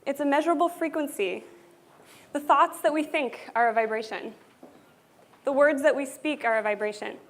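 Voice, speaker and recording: High-voiced woman giving an upbeat keynote. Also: normal speed, pauses often. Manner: upbeat, earnest and conversational. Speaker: conference speaker. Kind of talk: keynote talk to a live audience. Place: conference venue with an audience.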